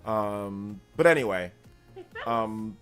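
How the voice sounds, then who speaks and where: A man's voice: on the low side, slow, soft background music. A man in his forties hosting a gaming livestream, chatting casually in a blunt, rambling way that repeats itself.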